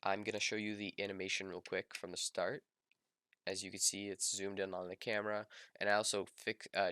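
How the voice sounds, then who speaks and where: A man's voice: sits low, sharp tone, clear, resonant tone, no room sound, studio quality. A young man casually narrating his own project in voice-over, rambling with lots of ums and restarts and poking fun at himself. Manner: self-mocking, laid-back. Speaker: student documenting his 3D modeling project.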